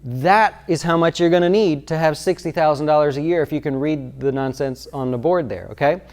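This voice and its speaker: A man's voice: a little high, brisk. Man, financial advisor, casual explainer, talks through numbers with frequent rhetorical questions. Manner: conversational, asks rhetorical questions. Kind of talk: explanatory video talk.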